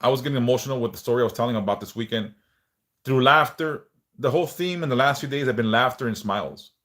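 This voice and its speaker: This man talks fast in a mid-range voice while running a livestream where he leads prayers and then chats loosely. His manner is laid-back, with casual cursing and chat messages read aloud. Stuttering comes up as a topic, and he repeats a few words.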